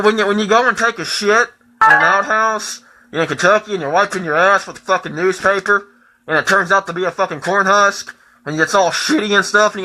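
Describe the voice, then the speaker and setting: A man in his twenties in a profane, heated personal rant that keeps rising into shouting. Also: high voice, low-quality recording. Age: 20s.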